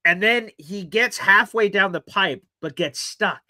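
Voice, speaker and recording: A man's voice: high voice, a little slow. A man hosting a call-in radio show, telling a story casually and acting out the voices in it. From South Carolina. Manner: animated, acts out voices in his stories.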